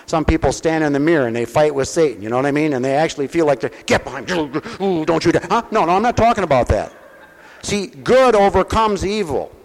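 A man preaching a sermon at a mission, folksy and direct, asking his listeners questions, his voice swinging between loud preaching and soft, close talk. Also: fairly high pitch, lively intonation, fast talker, in a large hall. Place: mission hall.

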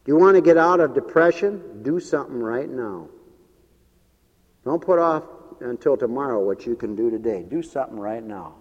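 A man preaching a sermon as pastor, swinging between quiet asides and loud emphatic calls. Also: medium pitch, animated, normal speed. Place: church. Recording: muffled church recording with long reverb. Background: radio ministry broadcast of a church service.

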